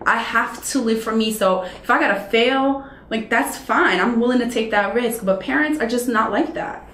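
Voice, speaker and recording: A woman in her thirties, a radio personality, chatting as an interview guest and telling stories with lively acted-out dialogue. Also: on the high side, moderate pace. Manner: animated storyteller who acts out quoted dialogue. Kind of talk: casual interview conversation. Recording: roomy echo.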